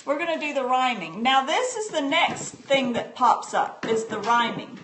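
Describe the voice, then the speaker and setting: A woman's voice: high voice, sing-song, normal speed. A homeschooling mother demonstrating a reading book on a casual live stream, chatting and answering viewers' comments with plenty of fillers. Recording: echoey room with faint background noise.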